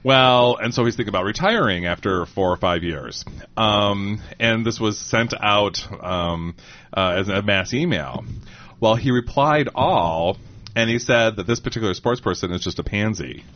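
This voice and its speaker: Low-voiced rambling man, lo-fi audio. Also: moderate pace. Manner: rambling storyteller with many fillers and laughs. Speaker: co-host. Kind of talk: casual chat. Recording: slightly muffled lo-fi audio.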